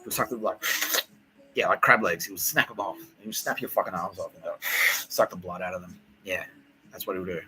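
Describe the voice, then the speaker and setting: A man hosting a podcast, riffing in a profane, excitable, repetitive comedic monologue. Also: low-pitched, a little fast, slight background noise, rough recording. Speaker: podcast host.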